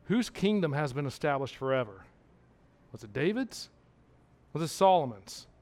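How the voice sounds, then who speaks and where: A man's voice: a little high, very animated, moderate pace, darkish tone. A man preaching a sermon, emphatic and repetitive, asking his listeners questions.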